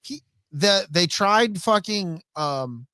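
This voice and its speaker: A man's voice: sits high, animated, slow, pushed and bright, clean tone, dry recording, clean studio sound. A man co-hosting a podcast, telling crude stories bluntly in casual profane chat. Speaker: podcast co-host.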